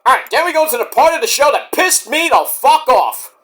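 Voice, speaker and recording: A man reviews a wrestling show in a loose, unscripted monologue. His voice sits high and bright, and his pitch leaps around constantly. He curses freely and bursts into shouted impressions of the people he talks about. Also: fairly quick. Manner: animated, swears, switches to shouting impressions. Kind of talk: casual solo review rant.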